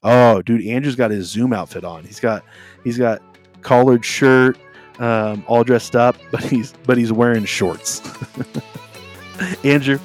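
A man co-hosting a faith podcast, talking in a relaxed, rambling way with many filler words. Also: medium pitch, measured pace, soft background music. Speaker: podcast co-host. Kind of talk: casual faith podcast talk. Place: at home on a video call.

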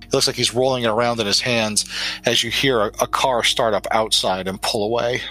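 Bright-voiced man running a tabletop game. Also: mid-range voice, fairly even intonation, brisk, faint music behind, poor audio. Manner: loose, filler-heavy narration. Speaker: game master.

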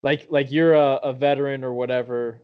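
A podcast co-host with a clear, resonant, medium-pitched voice talks a little fast in a steady tone. The recording is dull lo-fi audio, and he tells a profane story casually, voicing each character in it.

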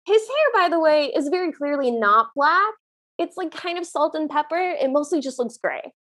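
A woman's voice: high-pitched, moderate pace. A woman co-hosting a podcast, retelling a movie scene by scene in casual chat and acting out the characters' lines as she goes. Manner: animated storytelling, acts out the characters' lines. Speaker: podcast co-host.

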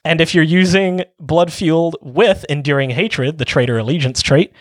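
Guy on a wargame podcast, bit high voice, dry mic, breaks down rules step by step with ums. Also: moderate pace, no room sound. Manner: explains game rules step by step with frequent "um"s. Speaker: podcast co-host. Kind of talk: casual tabletop gaming chat.

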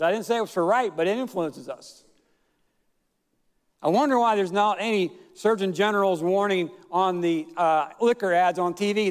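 This is a pastor's sermon, delivered by a man whose voice is high-pitched, smooth and full of resonance. Fillers break up his storytelling before he elongates and shouts the words he wants to stress, all ringing through the long reverb of a large church.

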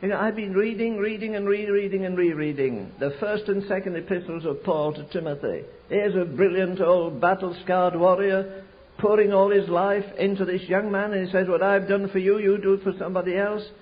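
An older man preaching a sermon, telling stories slowly and rising to fervent pleas. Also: sits high, fairly even intonation. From England. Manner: storytelling with slow emphatic stretches, rising to fervent pleas. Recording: muffled lo-fi sermon recording.

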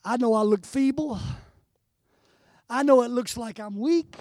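A stubborn old warrior-patriarch, put on by an older man preaching speaks in a high, dry voice. He moves from hushed resolve to roaring fervor. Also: measured pace, dry recording. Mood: quiet resolve. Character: aged male warrior-patriarch, stubborn and defiant.

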